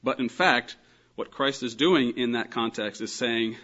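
A man with a mid-pitched, slightly husky voice teaches a Bible lesson, working through his points in a thoughtful, explanatory way. He leans hard on the key phrases. The recording sounds muffled and lo-fi. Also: unhurried, bright, forceful tone. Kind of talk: lecture on scripture.

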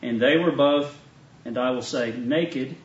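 A Southern man pastors his flock, reading scripture then teaching in a measured sermon voice. The sound is roomy and distant, as if taped from the back of a meeting hall. The recording itself is dull and muffled. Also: mid-range voice. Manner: measured, reads scripture aloud then preaches. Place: church retreat meeting room. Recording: echoey, distant, dull live church recording.

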